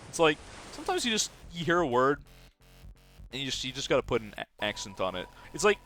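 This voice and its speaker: Young Canadian man, game streamer, chatty and rambling, lively pitch, game music underneath. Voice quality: rambling, chatty, laughs often. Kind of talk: casual gaming commentary to chat.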